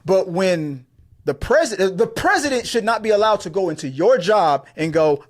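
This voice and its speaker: A man's voice: high voice, expressive, moderate pace. A man co-hosting an entertainment news show, talking in heated casual commentary, profane and full of stammered restarts. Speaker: co-host of movie news show.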